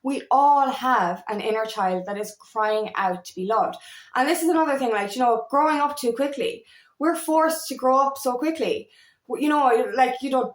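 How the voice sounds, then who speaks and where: A woman in her thirties speaks candidly as a feminine empowerment coach, her talk rambling and full of fillers and restarts. Her voice sits fairly high. The room around her gives the sound a noticeable echo. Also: normal speed. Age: 30s. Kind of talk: personal monologue to camera.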